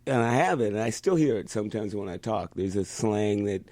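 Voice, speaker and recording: An older man from Chicago chats as an interview guest, his voice sitting low. He tells stories with animation, dropping into voices, and the sound is close and dry. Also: a little fast, dry recording. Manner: animated storyteller, slips into voices and laughs. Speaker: guest musician. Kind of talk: casual interview chat.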